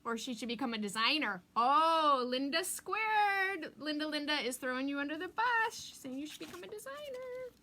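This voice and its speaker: A woman with a bright, forceful, fairly high voice, talking viewers through a craft project at her table. She chats, gets sidetracked, laughs a lot and sometimes whispers her asides. A faint hiss of room noise sits behind her. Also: lively intonation, fairly quick, few pauses. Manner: chatty and easily distracted, laughing often. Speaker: craft demonstrator. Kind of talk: live craft tutorial with chat.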